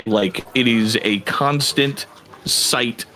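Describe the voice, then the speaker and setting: A man narrating a tabletop game as game master, with frequent pauses and fillers. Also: mid-range voice, pushed and bright, soft background music. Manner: hesitant, many "uh" and "um" fillers.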